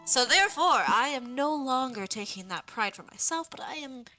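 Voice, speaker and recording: A woman's voice: high-pitched, lively intonation, normal speed, sharp tone, faint music behind. A woman playing a tabletop game, explaining her character's actions earnestly. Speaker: player. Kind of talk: casual tabletop chat.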